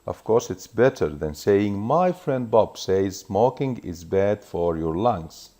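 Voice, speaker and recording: A man teaching a recorded revision lesson, explaining each point in a measured way and reading examples aloud. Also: fairly low pitch, animated, mellow.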